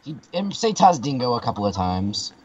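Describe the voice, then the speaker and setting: A man's voice: medium pitch, sing-song, normal speed, breathy edge, muffled recording. A man joking and teasing his friends in casual chat while they play a game. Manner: playful, teasing.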